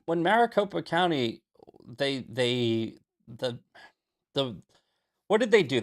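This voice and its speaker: A man's voice: medium pitch, gravelly. A man hosting a live political commentary show, talking emphatically, repeating himself and reading from the chat with sarcastic asides. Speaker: livestream political show host.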